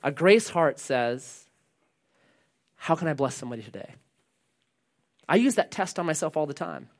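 Animated male pastor preaching. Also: sits high. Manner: animated, swings between loud and hushed, asks the crowd questions. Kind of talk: sermon.

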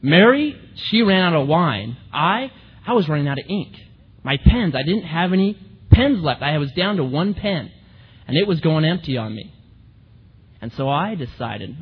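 A man preaching a sermon, telling humorous stories in an animated way. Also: on the high side, normal speed, breathy edge, lo-fi sound. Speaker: pastor. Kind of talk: sermon storytelling.

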